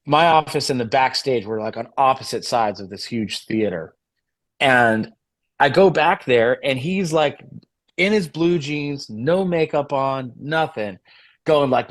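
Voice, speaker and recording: Profane, animated man telling road stories. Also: medium pitch, measured pace. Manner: profane, animated storyteller, acts out quoted dialogue. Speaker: guest musician and promoter. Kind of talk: casual interview storytelling.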